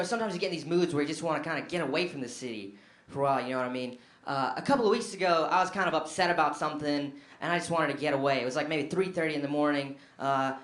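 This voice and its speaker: A young man performing stand-up comedy on a club stage, telling a story in an animated way that jumps from quick mutters to loud bursts. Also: on the high side. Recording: echoey, noisy club recording.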